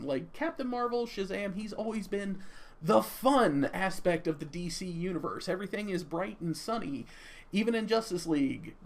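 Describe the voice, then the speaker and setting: A man's voice: fairly high pitch, gravelly. A young man giving an off-the-cuff movie review in a chatty, rambling way, stammering now and then.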